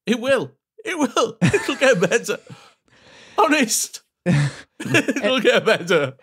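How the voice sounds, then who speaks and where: A man's voice: extremely high pitch, big pitch swings, slow pace, fairly bright tone, husky. A man co-hosting a podcast who joins the casual chat with teasing remarks. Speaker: podcast co-host.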